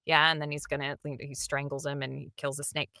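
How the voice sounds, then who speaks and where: A woman's voice: deep voice, little pitch movement, brisk, creaky, bright, forceful tone, dry recording, clean studio sound. A woman, a dub director, talking animatedly in an interview and acting out the lines she quotes. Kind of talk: interview, behind-the-scenes talk.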